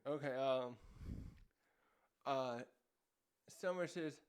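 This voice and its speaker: Here a man with a slightly high, clean-toned voice casually goes over a manga chapter as a review host. He wanders, gropes for words, and leans on plenty of fillers, jumping into quick, raised voices to act out what the characters say.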